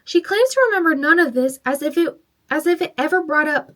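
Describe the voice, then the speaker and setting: A woman's voice: high-pitched, expressive, fairly quick, fairly bright tone. A tipsy woman vlogger reading online stories aloud while doing her makeup, chatty and swearing freely as she reacts to each story.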